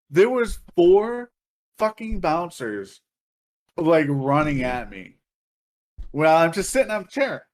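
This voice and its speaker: A man's voice: on the high side, animated, a little slow. A man on a podcast telling a long story in a casual, profane, laughing way. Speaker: podcast co-host.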